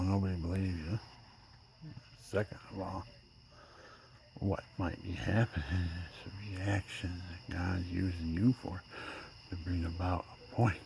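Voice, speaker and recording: Gravelly seventy-something man rambling. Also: low voice, slight background noise. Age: 70s. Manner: rambling, drifts between loud outbursts and near-whispers. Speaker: vlogger. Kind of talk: rambling personal monologue.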